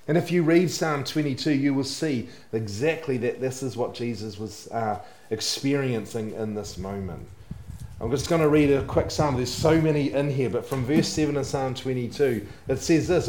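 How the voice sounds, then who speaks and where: A man preaching a sermon in an earnest way, often letting his phrases sink low and soft at the end. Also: moderate pace, roomy sound, slight background noise. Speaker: pastor.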